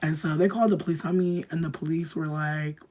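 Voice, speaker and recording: A young woman telling a long personal story to a livestream in casual, profane slang, padding her talk with "like" and swinging between hushed asides and loud bursts. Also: low voice, steady tone, fast, a little hiss or hum. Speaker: streamer.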